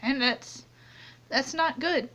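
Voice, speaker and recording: A young woman talking tearfully into her phone in an anonymous confessional vlog, halting and trailing off as she goes. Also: high voice, pushed and bright. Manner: halting, many restarts and trailing off. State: tearful, crying on and off. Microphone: phone camera close up, only a hand in frame. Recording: dull lo-fi phone audio.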